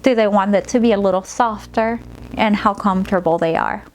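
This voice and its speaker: A woman in the middle of her pitch range teaches a therapy technique. She alternates between a slow, soothing storyteller's voice and clear practical instructions. A faint noise sits under the recording. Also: darkish tone. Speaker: play therapist. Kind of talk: instructional demonstration.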